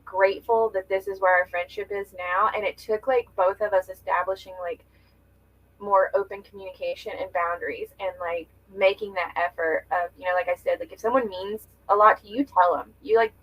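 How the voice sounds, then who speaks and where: Expressive young woman telling a personal story. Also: medium pitch, fairly quick, breathy edge, highs cut off. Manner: emotional, expressive, fond of "like". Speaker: podcast guest. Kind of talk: candid conversational storytelling.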